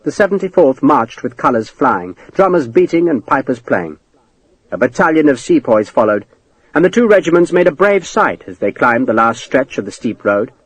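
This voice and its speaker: A man narrating an audiobook in a dramatic, expressive reading style. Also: medium pitch, moderate pace, slightly rough, dry recording, low-quality recording. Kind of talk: scripted narration.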